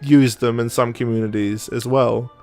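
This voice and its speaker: At a normal speed and medium pitch, a male podcast host narrates a story over soft background music. His delivery is chatty and lively, and he plays out the quoted lines with laughs.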